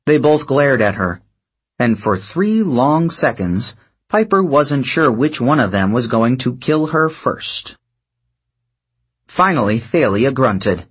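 A man narrating an audiobook in slow, expressive storytelling. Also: medium pitch. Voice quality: husky, breathy.

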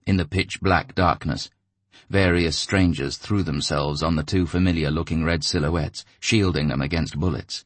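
A man narrating an audiobook in a measured, steady way. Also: a bass voice, no room sound.

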